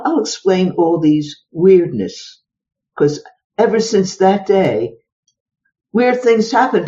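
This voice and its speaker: Interviewed on a dull lo-fi recording, an older psychologist shares personal stories, punctuating them with exclamations and rhetorical questions. She speaks in a warm, lowish voice.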